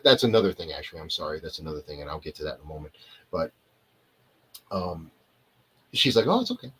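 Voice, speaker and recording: A man with a low, husky voice tells behind-the-scenes stories as a guest on a video call. He wanders off on tangents and circles back to his point. The delivery is casual and chatty. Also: fairly bright tone, poor audio. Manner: rambling, digressive, loses and returns to his point. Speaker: actor, interview guest. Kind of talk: casual storytelling in a live interview.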